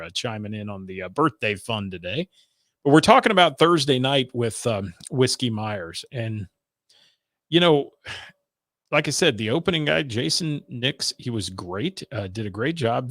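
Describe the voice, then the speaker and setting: A man's voice: mid-range voice, a bit bright, dry recording. Chatty radio host man, dry sound. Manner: chatty, rambling, many fillers and restarts. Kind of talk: casual live-stream chat, reading viewer comments.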